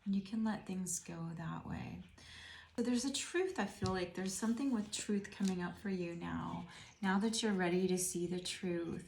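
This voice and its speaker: A woman's voice: medium pitch, moderate pace, vocal fry, a little mellow, a little hiss or hum. A middle-aged woman giving a casual tarot reading, musing and rambling as she speaks to the viewer. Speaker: tarot reader. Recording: roomy echo.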